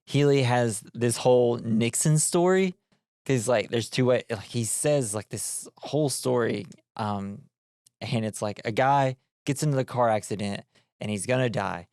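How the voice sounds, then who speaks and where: A man co-hosting a movie podcast, recapping the plot in loose casual chat. He rambles with plenty of fillers and keeps breaking into laughter. His voice sits at an ordinary middle pitch, recorded close and dry with no room echo. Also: unhurried, a little mellow. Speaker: podcast co-host.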